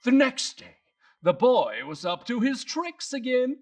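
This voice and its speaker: A woman telling a bedtime story slowly and expressively. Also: fairly high pitch. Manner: slow, very expressive, hushed at times. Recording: distant mic, soft music behind.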